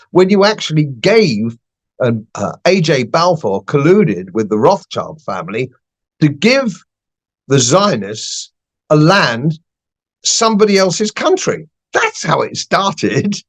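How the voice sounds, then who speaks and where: A man's voice: on the high side, huge pitch swings, slow pace. An older man, a podcast guest giving blunt, emphatic political opinions and repeating phrases for stress.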